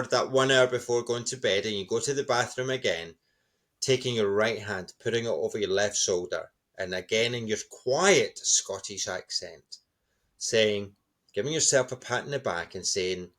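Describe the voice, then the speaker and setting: A middle-aged man answers interview questions with enthusiasm, sounding encouraging and upbeat. His voice sits at an ordinary medium pitch for a man. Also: normal speed, fairly bright tone. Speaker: guest speaker.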